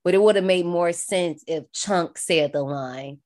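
A woman's voice: on the low side, unhurried. A woman, co-hosting a casual chat, talking expressively with lots of laughter. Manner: expressive, laughing, dialect-heavy speech. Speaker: podcast co-host. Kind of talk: casual chat recapping a film.

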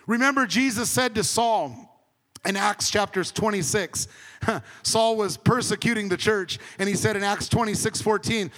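A man preaching a conversational sermon as pastor, swinging between emphatic and hushed. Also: sits high, normal speed, in a large hall.

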